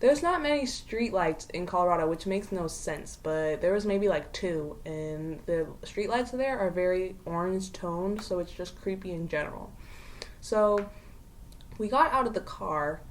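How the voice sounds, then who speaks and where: A young woman co-hosting a podcast, telling a scary story with animated, slangy delivery and frequent swearing. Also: fairly low pitch, measured pace, a little hiss or hum. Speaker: podcast co-host. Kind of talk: casual storytelling chat.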